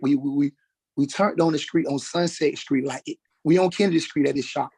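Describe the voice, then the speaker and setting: A man testifying as a witness in a courtroom, halting and repeating words as he goes. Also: on the high side, a little mellow, breathy edge. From Atlanta, Georgia, US.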